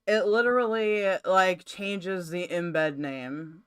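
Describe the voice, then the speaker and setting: A woman's voice: medium pitch, a little slow, a bit bright, smooth. A woman live streaming from her own room, chatting casually to her viewers in a rambling, mildly profane way.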